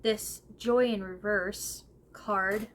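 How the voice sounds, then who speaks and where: Woman tarot reader, slow and soft-spoken, gentle and tearful, faint background hum. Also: mid-range voice, steady tone. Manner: gentle and emotional, with fillers and pauses. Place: home room, seated in a squeaky chair.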